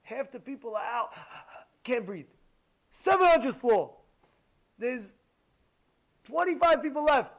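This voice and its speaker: A man giving a Torah class as a rabbi, animated, repeating points and asking his listeners rhetorical questions. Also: very high-pitched, a little slow, long pauses.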